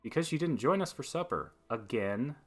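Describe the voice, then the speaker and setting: A man voicing an eager, friendly young girl in a game, with a lifted, bright delivery. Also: medium pitch, expressive, normal speed, soft background music, lightly acted. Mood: cheerful.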